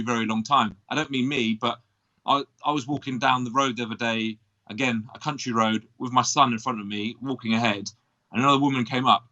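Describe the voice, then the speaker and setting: A man in casual podcast chat, talking in a quick, blunt and teasing way. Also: medium pitch, bright, forceful tone, muffled recording. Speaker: podcast co-host.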